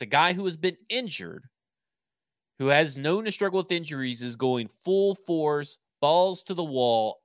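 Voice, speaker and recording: A man's voice: on the high side, a bit bright, no echo, clean studio sound. A man co-hosting a sports podcast, talking in a blunt, opinionated, casual way and swearing now and then. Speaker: podcast co-host.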